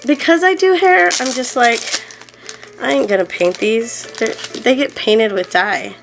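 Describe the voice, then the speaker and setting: A young woman excitedly chatting on camera at home as she unboxes a package, giggling often and filling her talk with 'like'. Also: mid-range voice, creaky, rough recording. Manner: bubbly and giggly, lots of 'like' fillers. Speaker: doll collector vlogger. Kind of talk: casual unboxing chat. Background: background music.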